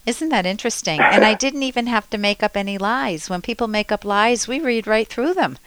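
A woman's voice: medium pitch, a little fast, heavy background noise. A woman hosting a call-in advice show as a therapist, coaching the caller and acting out sample conversations with him. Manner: coaching, role-plays dialogue with caller. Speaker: radio advice host and therapist.

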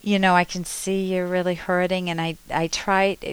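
A woman's voice: fairly low pitch, little pitch movement, moderate pace, smooth, no room sound, rough recording. A woman radio therapist hosting a call-in show, earnestly coaching a caller with spoken examples.

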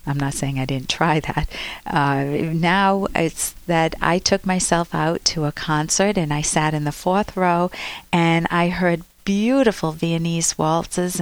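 Woman, advice podcast host; low-ish voice, chatty storyteller who self-corrects; dry read. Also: no room sound. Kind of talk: casual advice talk and anecdote.

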